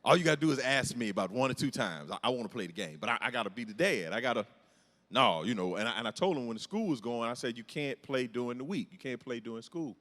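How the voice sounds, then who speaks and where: A middle-aged man performs a self-deprecating stand-up comedy set in a large church hall, telling stories in an animated way. His voice is medium-pitched and quick. Reverb from the big venue fills the recording.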